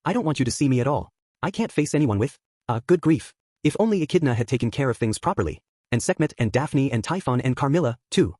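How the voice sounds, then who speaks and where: A man voicing a grieving female witch spirit who scolds gently but loudly, in a brisk audiobook reading. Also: medium pitch, expressive, no echo, studio quality, natural voice. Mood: indignant. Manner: scolding yet gentle, raised voice.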